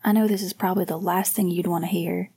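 A gentle, hesitant young man speaks quietly in an audiobook, as a woman reads him. The voice is mellow and husky, dry and close. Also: on the low side, fairly even intonation, fast, no echo.

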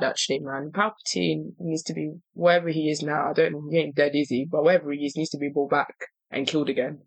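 A podcast co-host talking in a lively, emphatic, chatty way in a casual conversation. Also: medium pitch, gravelly, husky, no echo, poor audio. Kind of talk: casual chat.

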